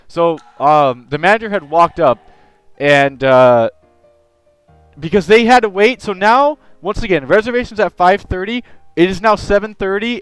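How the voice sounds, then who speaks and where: A young man chatting on a live stream, telling an animated, rambling story. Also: sits high, brisk, clear, resonant tone, no room sound, soft background music, poor audio. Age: young adult. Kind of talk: casual live-stream chat.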